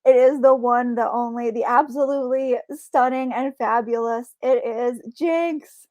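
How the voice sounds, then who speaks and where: A woman's voice: fairly high pitch, fairly even intonation, unhurried, a little mellow. A woman hosting a live stream, upbeat and chatty, stalling for time and hyping up the next guest. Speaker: host.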